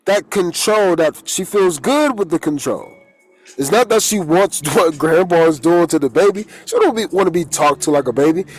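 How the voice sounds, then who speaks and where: A man's voice: a little high, a little mellow. A man, a holistic coach, giving a loose, rambling motivational spiritual talk full of homespun stories and blunt everyday slang. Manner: loose, rambling, streetwise preaching with folksy stories.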